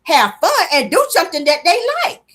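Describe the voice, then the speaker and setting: Woman putting on a slow, over-enunciating reality-TV mom. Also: sits high, very animated, fairly bright tone, voice pushed up. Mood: earnest.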